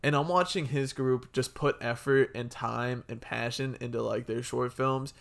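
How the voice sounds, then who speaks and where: A young man co-hosting a casual podcast chat, animated and jokey, often swearing. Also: medium pitch, normal speed, vocal fry. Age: young adult. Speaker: podcast co-host. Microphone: podcast mic.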